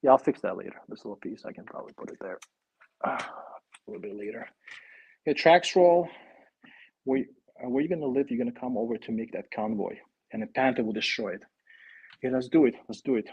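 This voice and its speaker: A man chats casually to his live-stream viewers while building, thinking aloud and getting excited as he goes. His voice is gravelly and a bit husky, at a middling pitch. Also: a little fast, pauses often, muffled recording. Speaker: live-stream host building a toy kit.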